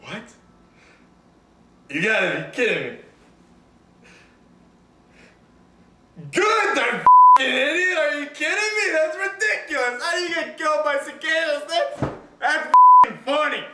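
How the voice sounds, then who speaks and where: A man's voice: very high voice, huge pitch swings, moderate pace, exaggerated voice. A man playing a crude, swearing ex-friend. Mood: scoffing. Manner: swearing, scoffing, blunt. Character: crude foul-mouthed young male ex-friend. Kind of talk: amateur mockumentary interview acting. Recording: echoey room with noise.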